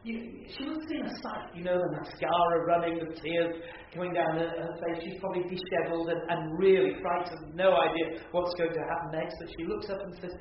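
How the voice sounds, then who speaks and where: A man's voice: a little high, a little fast, slight background noise. Man preaching in an echoey hall. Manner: storytelling, vividly retelling a scripture scene. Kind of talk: sermon. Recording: echoey hall, far from mic, dull.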